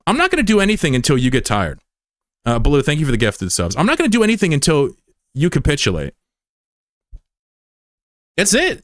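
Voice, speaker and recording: A man's voice: fairly high pitch, huge pitch swings, a little fast, pauses often, dry recording, clean studio sound. A man from the United States, a livestreamer in casual chat, taunting and combative with a viewer and swearing freely.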